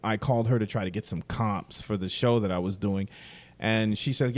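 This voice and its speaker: A man, a musician guest on a podcast, reminiscing in casual chat, reflective and halting with lots of fillers. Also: on the low side, fairly even intonation.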